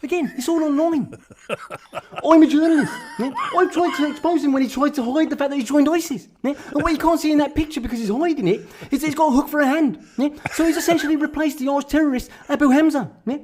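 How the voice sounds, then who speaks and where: A man doing a parody impression of an activist, telling absurd stories in deadpan and tagging nearly every sentence with a questioning "yeah?". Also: extremely high pitch, fast, voice pushed up. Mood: earnest deadpan.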